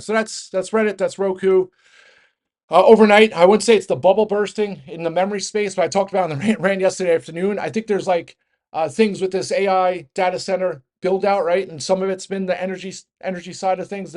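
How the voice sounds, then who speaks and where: A man giving a fast, rambling casual market rant as host, with many restarts and fillers. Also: high-pitched, a little mellow. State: out of breath. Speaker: market commentator.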